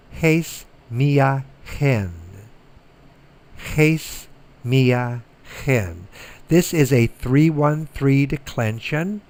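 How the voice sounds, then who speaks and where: A middle-aged man giving a recorded lecture, slow and methodical, repeating words so students can follow. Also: medium pitch, darkish tone. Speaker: Greek teacher.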